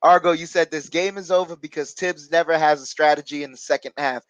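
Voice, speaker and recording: Speaking a little fast in a fairly high, steady, somewhat bright voice, this male stream host reads viewer comments during a live basketball watch-along and responds casually, chatty and hesitant, with frequent fillers. There's no echo, though the highs are cut off.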